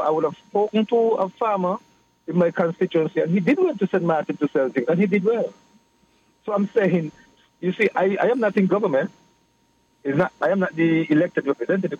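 A man, a political guest explaining his views in a measured way on a radio talk show. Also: high-pitched, a little mellow, husky. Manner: measured, explanatory, repeats phrases. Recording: muffled radio broadcast with faint hiss.

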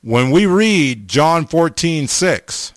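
Blunt and emphatic, a man preaches a sermon, stammering over restarts and repeating himself for stress. He speaks slowly in a higher, very animated voice, captured in dry, studio-quality audio.

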